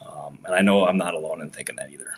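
A man co-hosting a podcast in casual sports chat, relaxed and loose. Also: extremely low pitch, quick pace, husky. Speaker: podcast co-host.

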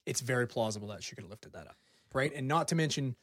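A man hosting a casual podcast, excitedly presenting his research as he talks and swearing casually. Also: mid-range voice, quick pace, no room sound, clean studio sound.

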